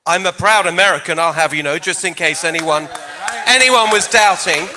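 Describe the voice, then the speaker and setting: Candidate with a British accent, high bright voice, lively and jokey on stage. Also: male voice, normal speed. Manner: energetic, jokey, emphatic. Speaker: candidate in a debate. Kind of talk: campaign debate answer.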